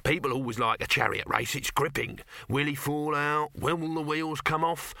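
A man's voice: on the high side, level tone, moderate pace, vocal fry, sharp tone, no echo, studio quality, pitched above the performer's own voice. A man voicing a pushy, scheming film producer who talks in soapy tones with a hint of menace. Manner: soapy and menacing, full of sales talk.

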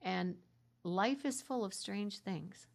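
A middle-aged woman minister tells her story in a heartfelt, conversational manner, her mid-range voice slow and creaky. At tender moments she sinks into a soft half-whisper.

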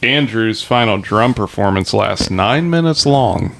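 A man's voice: lowish voice, lively intonation, measured pace, vocal fry, fairly bright tone, a little hiss or hum. A man co-hosting a podcast in casual chat, dropping dry teasing quips and trivia. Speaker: podcast co-host.

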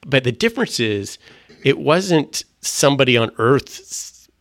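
Guy, middle aged, halting earnest faith story, dry close sound. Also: mid-range voice, big pitch swings, fairly bright tone, dry recording. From Canada. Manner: earnest, halting, with frequent restarts. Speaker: guest sharing a faith testimony. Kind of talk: personal testimony in conversation.

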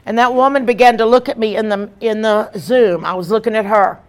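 A woman's voice: fairly high pitch, brisk, few pauses. Emphatic woman evangelist preaching. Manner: emphatic, animated preaching with repeated lines. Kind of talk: sermon.

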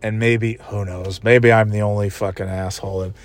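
A man's voice: fairly low pitch, little pitch movement, moderate pace, no echo. Profane rambling man, dry close sound. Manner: profane, rambling, laughs often; does goofy sound effects and voices. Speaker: vlogger. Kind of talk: casual rambling chat. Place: just left a wrestling event in a city.

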